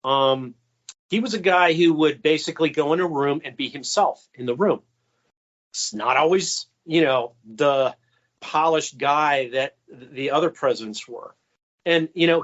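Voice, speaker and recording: A man recounts behind-the-scenes stories as an interview guest, chatty and anecdotal. His voice sits a little high for a man. The audio is dull and lo-fi. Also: lively intonation, unhurried. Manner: anecdotal, acts out quoted voices with raised pitch. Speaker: guest, former White House stenographer. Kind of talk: storytelling interview answers.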